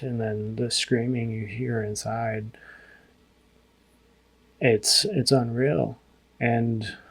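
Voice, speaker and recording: A gravelly American man speaks in a flat, low-key voice. He talks haltingly, restarting his sentences as he recalls hard events soberly in a podcast interview. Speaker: podcast guest, former army intelligence analyst. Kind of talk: reflective interview recollection.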